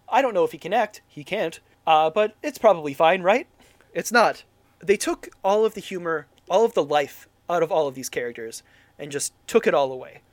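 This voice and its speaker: A man's voice: a little high, no echo. A man ranting in an exasperated, casual way as he reviews a film with a co-host, often restarting his sentences.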